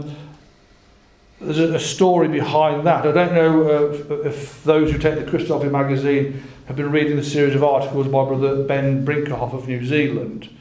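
A man giving a Bible talk, reading scripture slowly and with emphasis between halting, chatty asides. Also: a little high, darkish tone, reverberant. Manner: halting, with repeated words. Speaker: preacher.

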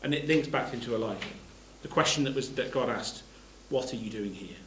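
A man's voice: medium pitch, fairly quick, a bit bright, reverberant, a little hiss or hum, poor audio. A man giving a sermon. He reads scripture aloud and explains it plainly, stopping to restart his phrases. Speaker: preacher.

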